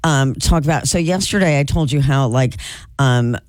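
A woman radio host telling a story in casual on-air chat, animated and laughing often. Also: extremely low pitch, moderate pace, no echo. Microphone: studio microphone.

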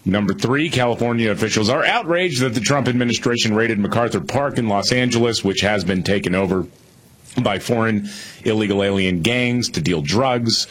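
A man's voice: on the low side, moderate pace, fairly bright tone. A man co-hosting a talk radio show, counting down news headlines with wry asides and laughter. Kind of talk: casual political talk radio banter.

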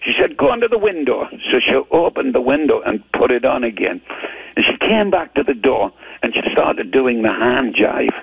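A man's voice: mid-range voice, lively intonation, moderate pace, vocal fry, slightly rough, dry recording. An older man with a Geordie accent from Newcastle, telling stories as a rock singer in a chatty, self-deprecating way with lots of restarts. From Newcastle, England. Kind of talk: casual storytelling interview. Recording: tinny phone-line radio interview.

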